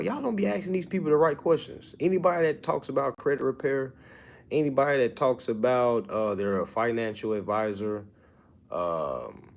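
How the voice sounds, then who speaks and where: Blunt, animated man with a lively voice. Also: mid-range voice. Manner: blunt, profane, animated, repeats "all right?". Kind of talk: casual motivational monologue.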